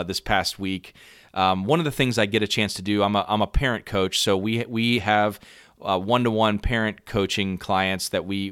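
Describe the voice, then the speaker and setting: A middle-aged parent coach hosts a podcast, speaking earnestly and conversationally to caregivers in an encouraging way, often checking in with "right?". His voice is on the low side and a bit bright. The recording is dry and studio clean.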